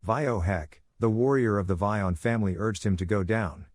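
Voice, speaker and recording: A man narrates a comic story recap at a steady pace. His voice sits fairly low. The recording is dry and close, with no room sound. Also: moderate pace, few pauses, no room sound.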